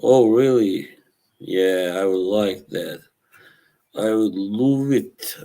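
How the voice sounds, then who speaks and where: A man's voice: lowish voice, takes it slowly, gravelly, dark tone. A man hosting a live stream, chatting casually with viewers, laughing often and teasing. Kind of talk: casual chat reacting to live chat.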